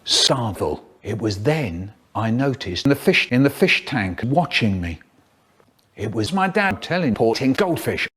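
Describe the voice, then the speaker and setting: Animated man telling stories. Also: medium pitch, measured pace, a little hiss or hum. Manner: animated, playful storytelling with sudden vocal swings. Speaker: storyteller. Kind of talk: spliced comic storytelling clips.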